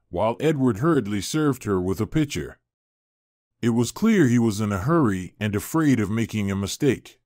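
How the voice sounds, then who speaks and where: A man narrating a scripted story in an even storybook reading style. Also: mid-range voice, no echo, studio quality.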